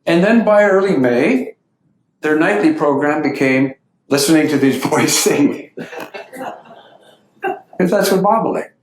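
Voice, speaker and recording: A man's voice: a little high, unhurried, long pauses, noisy background. Man telling stories in an echoey hall. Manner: lively anecdotal storytelling with acted quotes. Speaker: speaker giving a talk. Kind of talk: storytelling lecture. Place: meeting hall.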